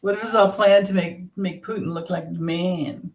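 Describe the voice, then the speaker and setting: A woman's voice: on the low side, fairly even intonation, moderate pace, gravelly, darkish tone. A middle-aged woman hosting a casual tarot livestream, chatting and greeting viewers by name with frequent laughter.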